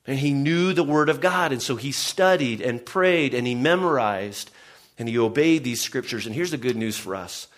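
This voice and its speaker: A man's voice: medium pitch, animated, moderate pace. A man preaching a sermon to his congregation in an earnest way, often restarting and saying "I mean". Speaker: pastor.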